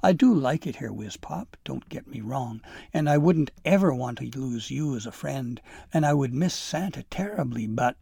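A man's voice: medium pitch, lively intonation, normal speed, gravelly, hardly any pauses, dark tone, slightly rough, no room sound, clean studio sound. A man voicing a restless, dreamy young male elf who speaks earnestly and wistfully. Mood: yearning. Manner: earnest, yearning.

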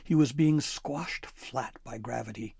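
A man narrating a storybook in a measured, dramatic way. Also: medium pitch, vocal fry, dark tone, husky, dry recording, clean studio sound.

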